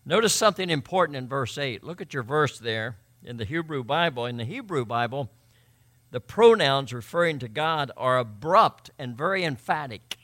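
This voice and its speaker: A man preaching a sermon as pastor, building to emphatic, forceful peaks. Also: mid-range voice, animated, moderate pace.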